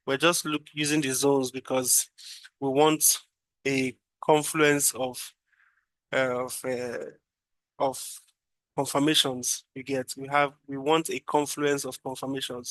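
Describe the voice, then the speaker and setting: A man's voice: medium pitch, fairly bright tone, no room sound. A man casually walking through a trading chart, thinking aloud and repeating phrases as he goes. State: yawning, drowsy. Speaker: trading analyst.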